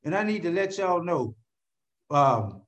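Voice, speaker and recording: A man telling his own recovery story to an audience in an animated way. He keeps asking rhetorical questions and calls out to listeners by name. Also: on the high side, unhurried. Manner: addresses listeners directly by name. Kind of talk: storytelling talk to a live audience.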